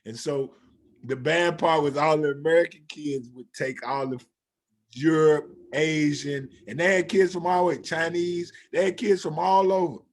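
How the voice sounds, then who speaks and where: A man with a high voice tells stories in a loose, conversational way. He slips into the voices of the people in his anecdotes, acting out their lines as he goes. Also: normal speed. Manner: animated storyteller acting out quoted dialogue. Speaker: guest, former football player and coach. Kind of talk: casual storytelling chat.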